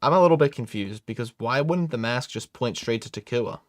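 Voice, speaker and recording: A man's voice: mid-range voice, lively intonation, fairly quick, no echo, studio quality. A man hosting a live watch-along, giving casual, joking commentary with chuckling asides.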